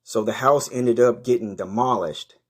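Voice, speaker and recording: A man narrating a comic story in a profane, deadpan way. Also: medium pitch, moderate pace, breathy edge. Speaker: comedian narrating a skit.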